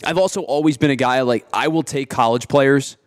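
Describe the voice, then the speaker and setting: A man on a casual sports talk show laying out his reasoning in a measured, steady way. His voice is smooth and clear, at a middle pitch for a man. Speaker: sports analyst co-host.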